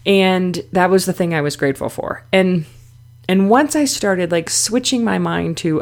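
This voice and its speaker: A woman's voice: on the low side, expressive, moderate pace, a little mellow. A middle-aged woman hosting a self-help podcast, talking in a conversational way with many fillers and restarts. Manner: conversational, frequent "you know" fillers and restarts. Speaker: podcast host. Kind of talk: casual self-help talk.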